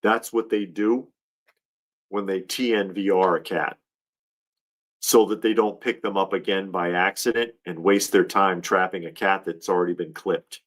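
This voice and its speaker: A man's voice: sits low, fairly even intonation, normal speed, fairly bright tone. A man hosting a casual livestream, rambling and heartfelt as he talks, often restarting his sentences. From Georgia, US. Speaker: livestream host.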